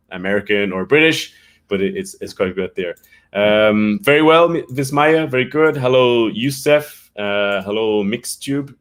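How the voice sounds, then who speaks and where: A man's voice: on the low side, fairly bright tone. An Irish man hosting a casual live-stream chat for English learners, greeting viewers by name and laughing often. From Ireland.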